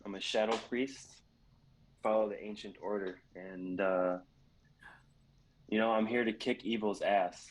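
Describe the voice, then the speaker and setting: A man's voice: fairly low pitch, steady tone, a little slow, pauses often, poor audio. Man playing a brash shadow priest. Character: brash male shadow priest, fighting evil.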